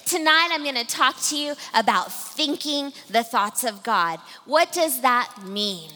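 A woman preaching a sermon to a live congregation, talking fast and addressing the listeners directly. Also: high-pitched, lively intonation, sharp tone. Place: church hall with a live congregation. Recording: long hall reverb.

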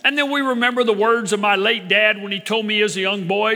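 A man's voice: sits high, sharp tone. A middle-aged man preaching a sermon as pastor, emphatic, repeating key phrases and stretching out stressed words. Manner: emphatic, repeats phrases, drawn-out stresses, checks in with "all right?". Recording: long reverb of a large hall.

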